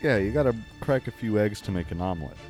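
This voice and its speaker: A fairly low-voiced man hosts an improvised comedy chat. He delivers absurd lines in a deadpan, mock-serious tone. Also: fast talker, faint music behind.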